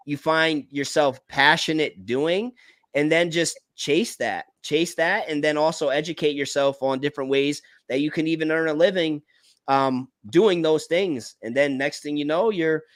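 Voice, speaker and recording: An American man hosting a casual talk. He tells animated personal stories, often restarts his words and calls people "bro". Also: a little high, no room sound. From United States. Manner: animated storytelling, repeats words, says bro. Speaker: podcast host. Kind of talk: casual conversation.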